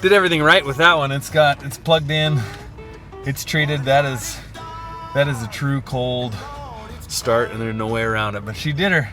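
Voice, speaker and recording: A man's voice: medium pitch, fairly even intonation, unhurried, music in the background. A young man, a cattle rancher, talking casually to the camera while doing morning chores outdoors and in barns on a windy, cold ranch. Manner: chatty and easygoing, with small laughs and groans at the cold. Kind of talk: casual vlog narration.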